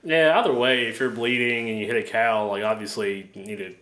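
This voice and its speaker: A man's voice: lowish voice, fairly even intonation, a little fast, fairly bright tone. Agreeable man reacting in short remarks. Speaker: podcast co-host. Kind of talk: casual chat.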